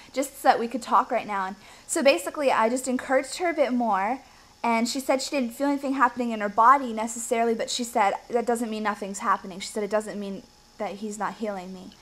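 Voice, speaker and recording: A woman telling a story in a casual, animated way, her voice jumping up when she gets excited. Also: fairly high pitch, poor audio. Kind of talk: casual testimony.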